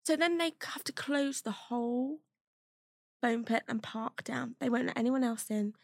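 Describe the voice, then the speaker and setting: High-voiced woman telling a funny story. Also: moderate pace, creaky, dry recording, studio quality. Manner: animated, laughs through a comic anecdote. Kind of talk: casual storytelling chat. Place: podcast studio.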